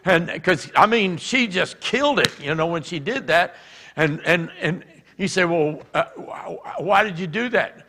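A man preaching a sermon, telling stories and acting out shouted quotes. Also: high voice. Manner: animated, acts out shouted quotes. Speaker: pastor. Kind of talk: sermon storytelling. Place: church. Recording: church hall reverb.

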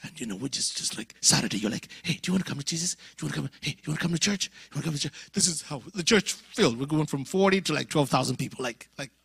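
This African guest preacher, a man in his fifties, speaks fast and with few pauses in a slightly high voice with vocal fry and a breathy edge. Telling a story at a church conference, he acts out dialogue with animation and now and then falls to a whisper.

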